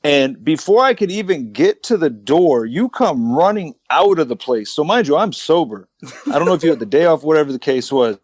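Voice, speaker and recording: A man co-hosting a podcast who tells army stories in a rambling, profane, animated way. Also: on the high side, fairly quick. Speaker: podcast co-host, army veteran. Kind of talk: casual storytelling chat.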